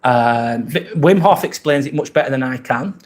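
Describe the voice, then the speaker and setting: An English-accented man hosts a live stream from a rented apartment. He talks casually at a middle pitch, rambling a little, and stops often to answer viewers' comments. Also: normal speed. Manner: chatty, reads out viewer comments and answers them.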